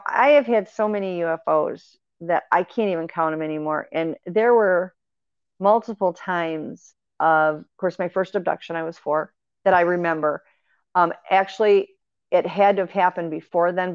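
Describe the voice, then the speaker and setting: Here a woman shares paranormal encounters as a guest, her voice fairly low, smooth, and at normal speed. She tells it in a rambling, earnest way full of fillers and restarts, and the audio is dry, dull, and lo-fi.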